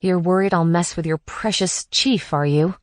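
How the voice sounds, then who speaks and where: A woman's voice: on the low side, normal speed, no echo, studio quality, lightly acted. A woman narrator voicing a hurt, defensive young woman in an audiobook.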